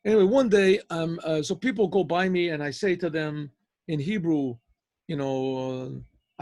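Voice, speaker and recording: A man's voice: on the high side, normal speed, a little mellow, dry recording. A man, a rabbi, telling a story in a rambling, conversational way with many restarts, speaking over a video call. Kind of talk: storytelling talk.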